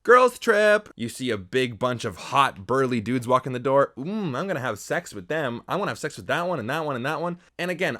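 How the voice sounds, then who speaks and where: A man in his late twenties giving an animated, opinionated movie review, often mimicking characters in mocking voices. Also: mid-range voice. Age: 20s. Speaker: film critic.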